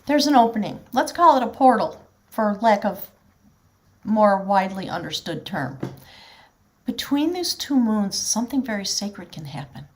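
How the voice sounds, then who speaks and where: A woman's voice: medium pitch, lively intonation, normal speed, a little mellow. A woman gives a spiritual tarot reading, talking directly to her audience in an earnest, flowing manner. Her voice sits in an ordinary middle range for a woman, and she sounds heartfelt and sincere throughout. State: choked up with emotion at times. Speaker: tarot reader.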